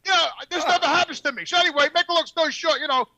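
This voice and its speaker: A man telling a story on a podcast, profane and excitable. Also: very high-pitched, rapid-fire, highs cut off, a crowd in the background. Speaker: podcast regular.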